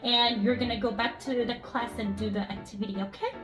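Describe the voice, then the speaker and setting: A woman English teacher leading a phonics lesson with young children, speaking slowly and encouragingly and repeating words clearly. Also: fairly high pitch, fairly even intonation, roomy sound, far from the mic, music in the background. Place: classroom.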